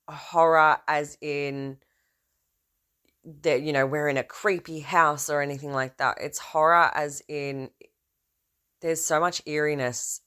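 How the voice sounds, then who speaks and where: Low-voiced, theatrical woman podcast host. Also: a bit bright. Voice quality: trained opera singer's low voice. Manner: rambling, self-interrupting, theatrical swings in emphasis. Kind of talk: casual rambling monologue.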